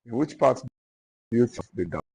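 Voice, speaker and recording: A man with a Nigerian accent teaching literature to a class, dictating notes and repeating each phrase slowly. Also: mid-range voice, animated, mellow, husky. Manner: slow, repetitive dictation.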